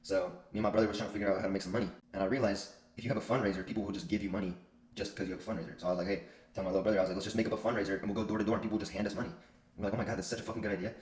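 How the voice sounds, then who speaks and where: A man's voice: fairly low pitch, level tone, a little mellow, echoey room. A young man telling funny stories about his childhood in casual, profane chat. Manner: fast, profane, joking. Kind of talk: casual storytelling monologue.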